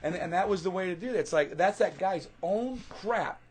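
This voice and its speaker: A man's voice: high voice, normal speed. Earnest man preaching kindness. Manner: earnest and preachy, acts out quotes. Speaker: co-host. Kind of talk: casual chat.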